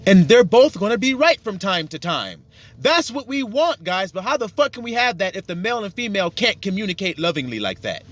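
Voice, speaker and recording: Emphatic preacher man, lively pitch. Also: brisk. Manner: emphatic and profane, acting out dialogues. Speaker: religious teacher. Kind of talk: casual sermon.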